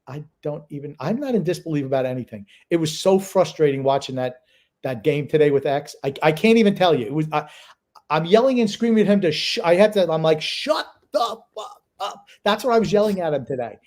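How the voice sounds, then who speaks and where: A man's voice: fairly high pitch, animated, fast talker, a little mellow. A man co-hosting a casual sports podcast, blunt and opinionated, swearing freely as he argues. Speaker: podcast co-host.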